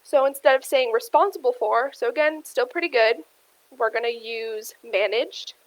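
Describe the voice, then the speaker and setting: A young woman leads an instructional presentation in a slightly high voice at a moderate pace, steadily explaining with plenty of ums and speaking to "you guys." The recording is dry and low in quality.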